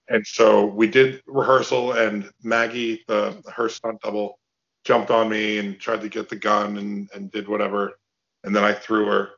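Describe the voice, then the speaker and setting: A man guest on a video call interview, telling stories in an animated way with restarts and acted-out quotes. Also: lowish voice, vocal fry, lo-fi sound. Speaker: guest actor. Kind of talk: casual storytelling interview.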